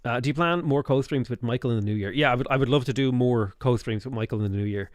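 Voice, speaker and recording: A man's voice: mid-range voice, fast, no echo. A man with an Irish accent, casually chatting on a live game stream, rambling as he reads out and answers viewers' questions.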